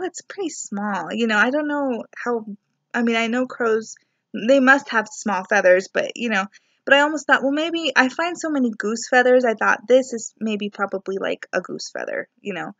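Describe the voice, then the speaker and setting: A young woman tells a meandering story to her camera, chatty and loose, with asides and fillers. Her voice sits a little high, and the sound is dry and dull, like a lo-fi home video recorded in her apartment. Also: animated, moderate pace, a bit bright, dry recording. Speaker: spiritual vlogger, student.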